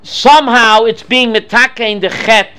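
A man teaching a Bible class, quizzing his students with questions in an animated way. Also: very high voice, measured pace, background noise. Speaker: Torah teacher.

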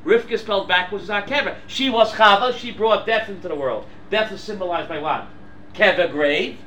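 Animated high-voiced male Bible teacher. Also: moderate pace, slight background noise. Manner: animated, quizzing students with questions. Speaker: Torah teacher. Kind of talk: classroom Bible lesson.

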